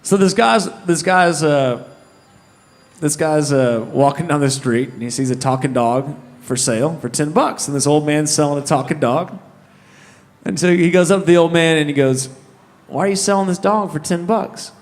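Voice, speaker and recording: High-voiced singer rambling onstage. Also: male voice, normal speed. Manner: rambling, self-deprecating joke telling. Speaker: singer-songwriter. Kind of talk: live stage banter between songs. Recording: live hall reverb with guitar.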